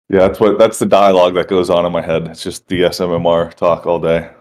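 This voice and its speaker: A man with a very deep, hoarse voice casts a game tournament on stream. He talks in loose, joking banter and pokes fun at himself. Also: a little mellow. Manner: joking, self-mocking, chatty. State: sore throat, hoarse. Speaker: tournament caster. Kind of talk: casual stream commentary chat.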